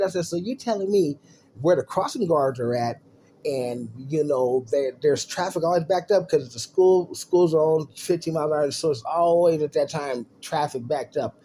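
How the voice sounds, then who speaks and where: A man with a fairly high, mellow voice tells a story in casual, slang-heavy talk. He acts out the quoted lines and swears freely. There is a faint hiss behind him. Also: expressive, normal speed.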